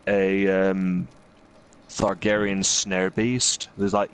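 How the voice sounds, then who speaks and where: A man's voice: on the low side, steady tone, a little slow, background noise. A man hosting a gaming video, casually retelling a story in a rambling way, full of fillers and quoted asides. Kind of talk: casual storytelling while playing a game.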